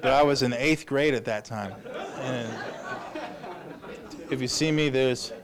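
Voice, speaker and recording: A young man moderating a symposium panel, telling a story in a casual, animated way and laughing often. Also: mid-range voice, a little slow, crowd noise. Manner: laughing, animated, self-deprecating.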